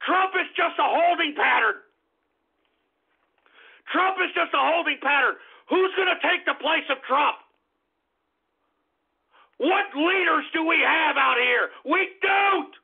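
Man, angry radio rant, shouting and cursing, tinny phone-like sound. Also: very high-pitched, a little slow, pauses often. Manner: shouting, profane, berating listeners. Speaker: radio show host. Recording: phone-like lo-fi audio.

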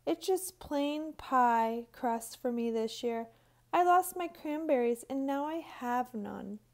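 A woman voicing a kind, generous female porcupine in a storybook, speaking gently and cheerfully. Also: high-pitched, animated, slow pace, full character voice. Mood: downcast.

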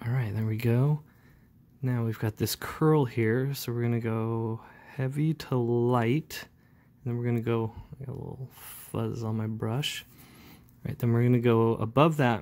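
A comic book inker talks casually while demonstrating his inking step by step, dropping in frequent fillers. His voice sits at medium pitch with a darkish tone, a fairly even intonation and a measured pace. It's relaxed ink-along tutorial narration, delivered as he works.

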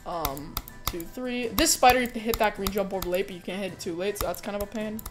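Over background music, a young woman streaming a game talks fast in a medium-pitched voice, casually narrating her run. Her chatter is punctuated by squealing protests and bursts of laughter.

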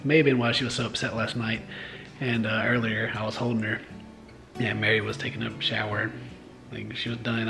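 A young man chatting casually in a family vlog at home, often speaking in a hushed voice around his baby and joking. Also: fairly low pitch, gravelly. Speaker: vlogger, new father.

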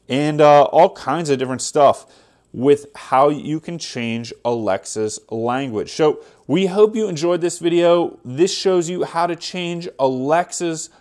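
A man hosting a casual tech tutorial, talking through each step in an easygoing way with frequent fillers. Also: a little high. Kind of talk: casual screen walkthrough.

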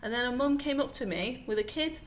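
A woman's voice: sits high, a little fast, slight background noise. British woman telling a story. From Britain. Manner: animated storytelling, acts out quoted voices. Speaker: podcast co-host. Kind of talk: casual chat.

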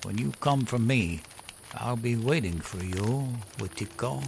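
A man voicing a cold, cryptic older man who speaks slowly and quietly in a taunting way. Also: medium pitch, animated, gravelly, background noise, pitched above the performer's own voice. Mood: menacing.

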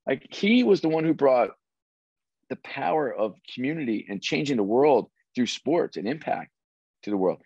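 A middle-aged man, a former sports executive, telling stories as an interview guest in an animated, restarting way. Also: mid-range voice, normal speed, slightly rough, dry recording. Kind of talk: casual interview storytelling. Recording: dry, slightly dull audio.

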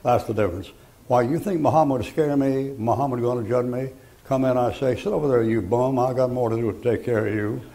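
A man's voice: medium pitch, fairly quick, mellow, rough recording. An older man preaching a fiery sermon in a folksy, blunt, emphatic way. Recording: archival sermon recording.

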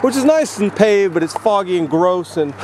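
A man's voice: high voice, animated, normal speed, noisy background. A man traveling by motorcycle, explaining a plan plainly on a foggy roadside. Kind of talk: casual outdoor vlog narration.

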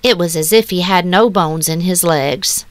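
A woman reading a short story aloud in a measured, hushed, wistful way. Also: fairly low pitch, no room sound. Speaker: story narrator. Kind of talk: scripted storybook narration. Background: soft music.

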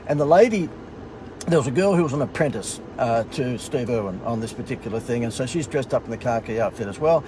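A man's voice: medium pitch, expressive, fast talker, mellow, a little hiss or hum. A middle-aged Australian man casually telling a funny story in a sarcastic, self-mocking way. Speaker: host.

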